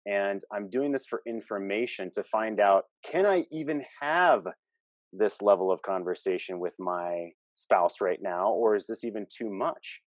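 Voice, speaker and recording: A man's voice: lowish voice, measured pace, no echo. A man co-hosting a relationship coaching talk, explaining earnestly with examples and quoted lines.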